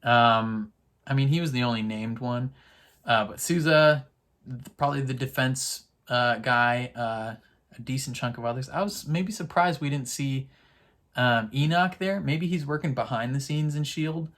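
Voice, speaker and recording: A man's voice: mid-range voice, normal speed, fairly bright tone. A man casually recapping a TV episode in a rambling, chatty way, full of fillers. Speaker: TV episode reactor.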